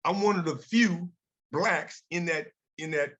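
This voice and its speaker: An older man tells career stories in a motivational talk, voicing each exchange with his bosses and staff. His voice sits a little higher than most men's. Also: measured pace, fairly bright tone. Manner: storytelling, acts out quoted dialogue. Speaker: guest speaker.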